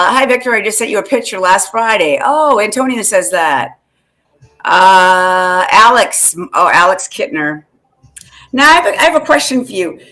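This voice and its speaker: A woman co-hosting a casual fan podcast, chatty and quick to laugh, with many fillers. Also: medium pitch, fairly bright tone. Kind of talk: casual chat.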